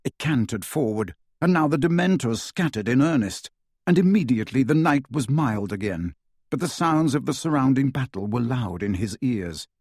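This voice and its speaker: A man's voice: medium pitch, expressive, moderate pace, darkish tone, husky, dry recording, clean studio sound. A man narrating an audiobook dramatically, with varied pacing.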